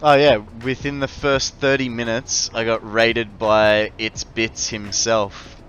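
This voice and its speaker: Australian male game streamer, bright voice, easygoing rambling chat with viewers. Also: medium pitch, little pitch movement, slow pace, muffled recording, slight background noise. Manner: rambling, chatty, friendly to chat. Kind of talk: casual live-stream chat while gaming.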